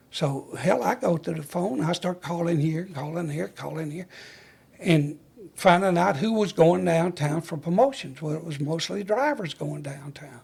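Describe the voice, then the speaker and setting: Older man, retired fire chief type, spins folksy yarns in a husky, high-set voice. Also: animated, normal speed, darkish tone. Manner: folksy storyteller who acts out the dialogue he recalls. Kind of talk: storytelling interview.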